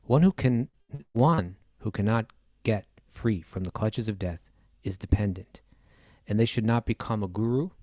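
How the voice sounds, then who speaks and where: A man's voice: fairly low pitch, moderate pace, mellow, dry recording. A man on a podcast explaining scripture passages patiently, with frequent restarts and "you know"s. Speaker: teacher and co-host.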